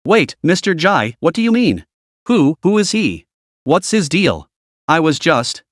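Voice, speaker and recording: A man's voice: on the high side, big pitch swings, measured pace, dry recording, studio quality. Man doing a blustering middle-aged crooked boss. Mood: defensive. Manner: blustering, threatening. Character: brash bullying middle-aged male finance boss.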